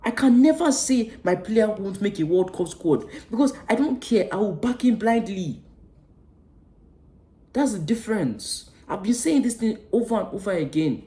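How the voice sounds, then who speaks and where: On his football fan channel, a high-pitched man with lively intonation reacts to a match at normal speed in a fervent, sermonizing rant. He curses without restraint and swings from shouting to quiet asides, with a roomy sound around him.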